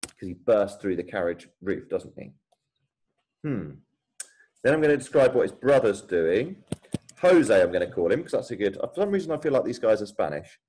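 A man's voice: on the low side, very animated, normal speed, a little mellow, a little hiss or hum, rough recording. A man, a primary school teacher thinking aloud and explaining as he types a writing lesson for children.

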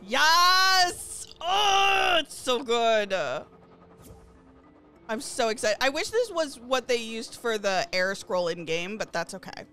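A woman streaming a game live, chatting to her viewers and gushing excitedly over new items. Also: on the high side, slow. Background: faint game lobby music.

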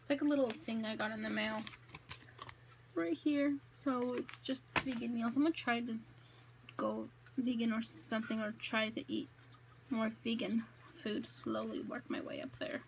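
A woman's voice: on the high side, steady tone, normal speed, creaky, a little hiss or hum, poor audio. Chatty young woman vlogging from home. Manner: chatty, rambling, with many fillers and self-corrections. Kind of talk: casual eat-with-me vlog. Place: home, indoors.

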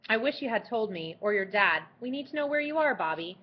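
A woman's voice: a little high, expressive, brisk. Woman voicing a worried, pleading mother. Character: worried middle-aged mother on the phone. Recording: dull lo-fi audiobook recording.

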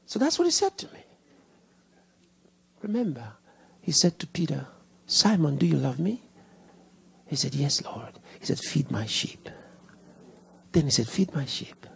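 A male pastor preaching a sermon, swinging from loud rhetorical questions to hushed whispers and repeating key lines with slow, deliberate emphasis. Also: a little high, very animated, gravelly, husky. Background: congregation answering and laughing.

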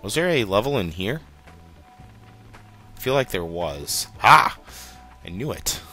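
A man's voice: fairly low pitch, very animated, a little slow, a bit bright, soft background music. A young man casually commenting while he plays a video game, chatty and muttering at the game. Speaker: let's play host.

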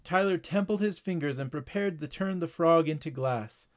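A man's voice: on the high side, moderate pace. Man narrating a children's story.

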